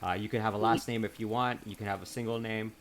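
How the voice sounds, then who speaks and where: A man narrating as game master in a tabletop game, casual and halting, with many fillers. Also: on the low side, fairly even intonation, fairly bright tone, a little hiss or hum. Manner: casual, halting with fillers, reads letters aloud.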